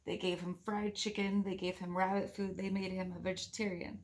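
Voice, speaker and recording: A woman's voice: mid-range voice, flat delivery, brisk. A woman reading a picture book aloud to her children, playful and giggly, breaking off for chatty asides and animal noises.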